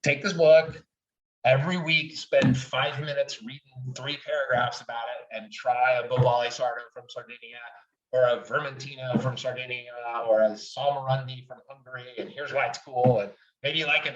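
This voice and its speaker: A man's voice: medium pitch, fairly even intonation, moderate pace, fairly bright tone. A middle-aged man talking as a guest in a casual interview, candid and enthusiastic, swearing freely. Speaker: guest, wine writer. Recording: distant, roomy, dull audio.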